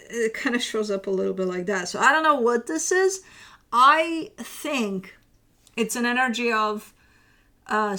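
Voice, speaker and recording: A woman's voice: a little high, sharp tone. A woman giving a casual tarot reading, chatty and loose, swearing now and then and slipping into teasing asides. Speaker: tarot reader.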